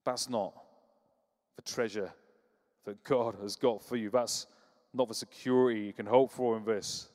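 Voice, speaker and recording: A man preaching a sermon, telling stories with humor and lively energy. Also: on the low side, unhurried, pauses often, long reverb tail. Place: church.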